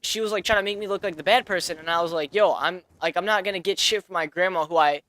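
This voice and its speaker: A man's voice: high voice, fast, bright, forceful tone. A man in his twenties telling a personal story in a casual vlog, rambling with many fillers and restarts. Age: 20s. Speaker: vlogger.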